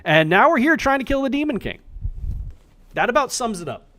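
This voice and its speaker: A man streaming himself playing an indie survival game, chatting casually with animated, profane, self-mocking commentary. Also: very high-pitched, a little fast.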